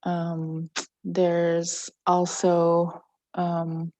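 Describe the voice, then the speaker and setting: Woman, council report, low flat voice, slow and measured, many ums. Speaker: tribal council member giving an update. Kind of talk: meeting report. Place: council meeting.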